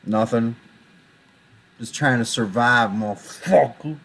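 A man co-hosting a casual online show, easygoing and quick to laugh. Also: medium pitch, fairly bright tone, slightly rough. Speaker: podcast co-host. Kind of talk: casual chat.

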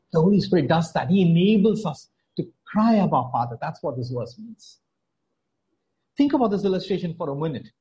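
A man delivering a sermon with a fairly high but warm, mellow voice. He preaches earnestly, leaning on repeated phrases and dropping soft before building back up with emphasis. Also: dull audio.

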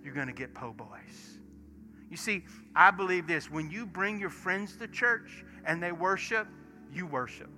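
Pastor in his fifties, fairly high voice, lively storytelling, hushed to shouting, music underneath. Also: unhurried. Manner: animated storyteller, acts out dialogue, swings from hushed to shouting. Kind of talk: sermon with storytelling. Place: church sanctuary. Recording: music playing behind sermon. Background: soft worship music.

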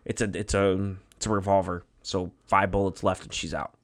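A man's voice: sits low, level tone, moderate pace. A man co-hosting a podcast, casually telling a made-up story in a rambling, profane way. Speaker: podcast co-host.

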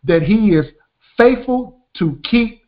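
A man with a high voice delivers a radio sermon, pressing each point home and checking that his listeners follow. The sound is dull and lo-fi, like an old broadcast. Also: lively intonation, slow pace. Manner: emphatic, repeats "did you get that?". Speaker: preacher.

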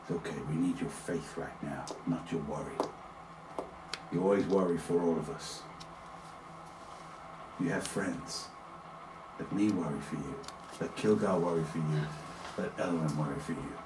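A man voicing a calm, gentle male rogue who soothes a worried friend in a soft, quiet way. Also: sits low, normal speed, pauses often, roomy sound, noisy background, voice pushed down, natural voice. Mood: soothing.

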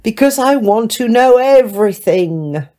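A woman voicing a huge, greedy male dragon who growls in a deep voice in a read-aloud storybook. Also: expressive, moderate pace, darkish tone. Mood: growling.

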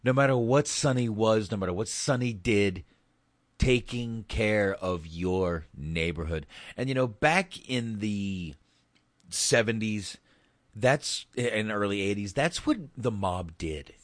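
A man's voice: lowish voice, expressive, a little slow, no echo. A man hosting a casual podcast, telling rambling, profane stories about a film. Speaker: podcast host.

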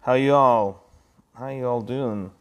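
A man's voice: mid-range voice, slow pace. A man hosting a live-stream, greeting viewers by name in casual chat before reading scripture aloud. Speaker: live-stream Bible reader.

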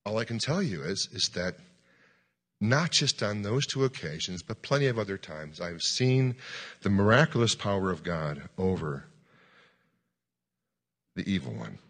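Pastor, male, bright forceful voice, animated sermon storytelling. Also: low voice, a little slow, long pauses. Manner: animated storyteller, acts out dialogue, shouts commands.

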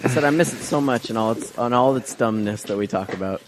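Mid-pitched man lecturing earnestly over faint hiss. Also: quick pace. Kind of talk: casual comedy podcast chat.

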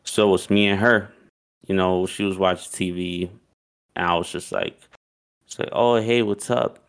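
A man casually telling a long personal story, animated and profane, acting out what people said. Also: low-pitched, moderate pace, smooth. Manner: animated, profane, acts out quotes with laughs.

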